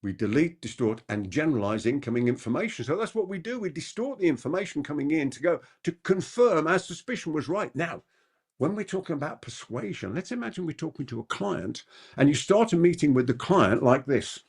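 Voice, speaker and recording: Animated, fast-talking male trainer. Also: husky. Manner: quick-talking, asks the audience rhetorical questions; animated, with big pitch swings. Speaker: persuasion trainer. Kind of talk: live masterclass lecture.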